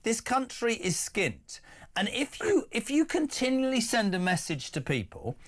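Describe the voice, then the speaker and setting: A middle-aged Englishman hosting a radio phone-in, animated and emphatic with jokey asides. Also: very high-pitched, unhurried. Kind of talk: opinionated talk radio. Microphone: studio microphone.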